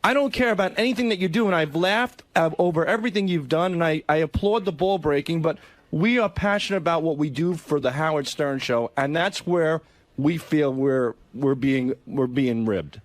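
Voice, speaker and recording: Earnest, halting man defending himself. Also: a little high, no room sound. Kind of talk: defensive studio talk.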